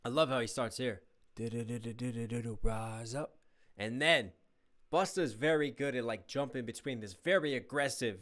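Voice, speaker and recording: A man talks through a rap track as a reaction host, eager and analytical. His voice sits at a middle pitch for a man, and he breaks into scat syllables to show a flow. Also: a bit bright. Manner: enthusiastic, analytical, imitates flows with scat syllables. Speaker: reaction video host, rapper. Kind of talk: casual music breakdown commentary.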